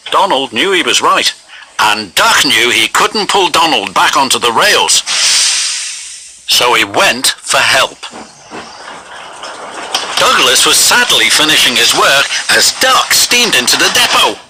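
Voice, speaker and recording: Lively male storybook narrator. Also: medium pitch, takes it slowly, pauses often, slight background noise, low-quality recording. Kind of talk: storybook reading. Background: loud music.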